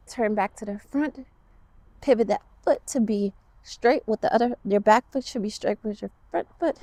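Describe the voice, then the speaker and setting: A woman's voice: fairly high pitch, vocal fry, warm tone, no echo. A woman teaching a children's yoga class, guiding poses with upbeat, playful encouragement while moving along. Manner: talks along as she moves through poses.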